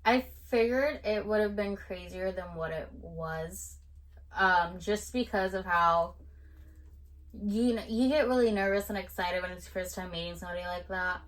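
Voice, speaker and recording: A young woman co-hosting a casual chat, speaking calmly and evenly with frequent ums. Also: medium pitch. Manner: calm, measured, lots of ums. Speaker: podcast co-host.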